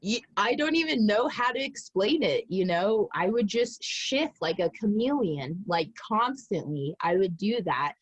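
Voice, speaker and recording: A woman's voice: mid-range voice, big pitch swings, measured pace, few pauses, slightly rough, dry recording, low-quality recording. A woman guest telling her own story candidly and animatedly, acting out her past self.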